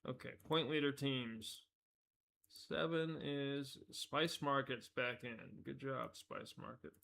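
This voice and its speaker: A man's voice: mid-range voice, steady tone, slow pace, gravelly, fairly bright tone, a little hiss or hum. A man hosting a casual live stream, talking loosely as he goes, often breaking off mid-sentence and chuckling at his own asides. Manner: rambling, self-interrupting, easily amused.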